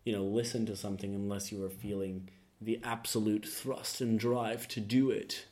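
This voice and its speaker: A man's voice: level tone, normal speed, a little mellow. Man hosting a playful chat podcast. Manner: playful, drops into a low put-on radio voice. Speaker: podcast host. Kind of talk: casual chat.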